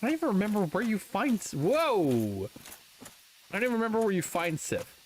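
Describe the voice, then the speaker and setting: Male gamer streamer, lively up-and-down voice, slightly high, faint background noise. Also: a little fast. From North America. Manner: chatty, swears, thinks aloud. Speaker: gaming streamer. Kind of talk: casual gameplay commentary.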